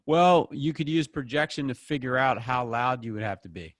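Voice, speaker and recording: A man teaching an acting class in a loose, conversational voice. He talks casually and gets animated, playing out the people he quotes. The sound is dry and close to the mic. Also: mid-range voice, normal speed, no echo. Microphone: close microphone.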